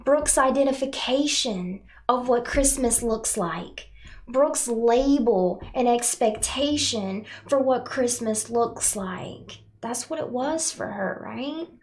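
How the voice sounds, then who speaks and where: A North Carolina woman who hosts a spiritual channel speaks earnestly to her viewers, her slightly high voice emotional and near tears. She's expressive and slow with a darkish tone, tags her points with "right?", and refers to herself in the third person during this heartfelt talk.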